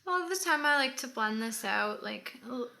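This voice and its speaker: A woman's voice: sits high, expressive, moderate pace, creaky, sharp tone. A woman co-hosting a casual makeup tutorial, playful and giving tips as she goes. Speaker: co-host of a makeup channel.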